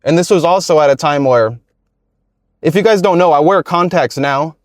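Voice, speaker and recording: A man in his twenties telling a story from his life in a relaxed, slangy, profane way. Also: a little high, moderate pace, dry recording, clean studio sound. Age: 20s. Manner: laid-back, profane, slangy. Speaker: YouTuber. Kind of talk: casual storytelling vlog.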